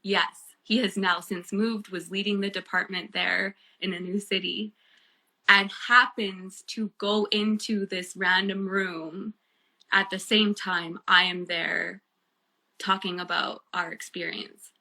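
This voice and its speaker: A woman, a guest and bereaved mother, telling a personal story in casual chat, earnest and animated with many fillers. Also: medium pitch, slow, gravelly. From Canada.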